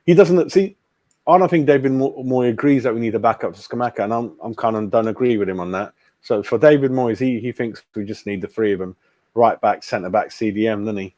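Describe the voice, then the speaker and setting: A man's voice: lowish voice, a little fast, dark tone, no room sound. Casual male host, blunt rambling chat, dry close mic. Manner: blunt, chatty, keeps saying mate. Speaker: fan channel host. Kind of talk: casual live-stream chat.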